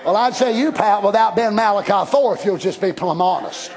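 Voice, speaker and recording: A man preaching a sermon in a folksy, animated way, breaking into shouted passages. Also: sits high, brisk, crowd noise. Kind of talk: Pentecostal-style sermon.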